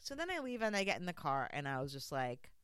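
A woman telling a story in casual chat, acting out what people said, swearing freely and dropping low when she confides. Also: very animated, rapid-fire, a bit bright.

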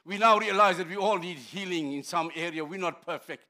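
A middle-aged man preaching a sermon, impassioned and swinging from shouts to hushed tones. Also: high-pitched, a little fast. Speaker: pastor.

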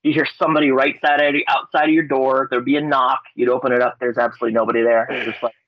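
A laid-back man from Alaska tells ghost stories in a relaxed, chatty way. He often jumps into loud, high-pitched voices when he quotes people. The audio is dry and a bit dull and lo-fi. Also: racing, dry recording. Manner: laid-back, frequent fillers and swearing. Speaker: podcast guest. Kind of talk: casual storytelling.

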